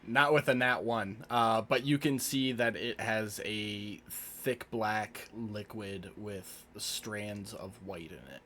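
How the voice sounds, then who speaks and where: A man's voice: lowish voice, slow pace, hardly any pauses, bright, forceful tone. A man at a tabletop game describing his character's actions in first person, in a laid-back manner with loose fillers. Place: home streaming setup.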